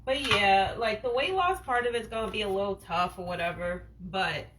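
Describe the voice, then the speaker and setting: A woman from Boston talks straight to her viewers in a loose, slangy livestream chat, peppering everything with "like" and dropping the occasional swear. Her voice sits at an ordinary middle pitch. A faint noise hangs behind her, as from a phone mic in a home kitchen. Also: moderate pace. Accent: Boston, without the stereotypical broad vowels. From Boston, USA. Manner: frank and slangy, many "like"s, swears casually. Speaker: wellness livestream host. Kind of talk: casual livestream chat answering viewer comments.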